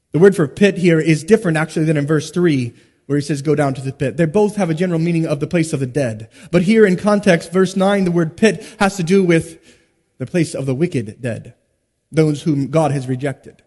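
A man with a high-pitched voice preaches a sermon in a large sanctuary, and his words ring out with a long hall reverb. He swings between loud, emphatic stresses and hushed, slowed drops, often pausing on rhetorical questions. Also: slightly rough. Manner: rhetorical questions and dramatic pauses. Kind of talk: expository sermon.

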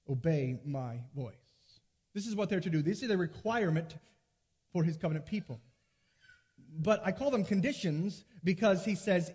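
A man's voice: high-pitched, a little mellow, slightly rough, big-room sound. A man preaching an expository sermon, teaching earnestly and repeating key phrases for emphasis.

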